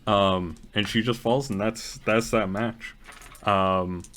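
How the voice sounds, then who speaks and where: A man's voice: fairly low pitch, fairly even intonation, takes it slowly, a bit bright. A man narrating as game master in a tabletop role-playing game, telling scenes loosely with plenty of ums and likes. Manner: loose, filler-heavy retelling with many ums and likes.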